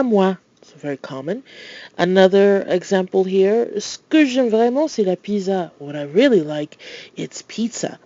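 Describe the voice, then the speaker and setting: Gravelly-voiced language tutor, dry and dull. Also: medium pitch, darkish tone, dry recording. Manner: explains patiently, with playful asides; switches between English explanation and French example phrases. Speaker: French tutor. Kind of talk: recorded language lesson.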